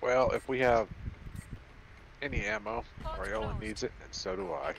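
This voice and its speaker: A man's voice: medium pitch, very animated, unhurried, creaky, a little hiss or hum, low-quality recording. A man playing a co-op game with friends, bantering in a dry, joking way. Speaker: gaming friend. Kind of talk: casual gaming chat with friends.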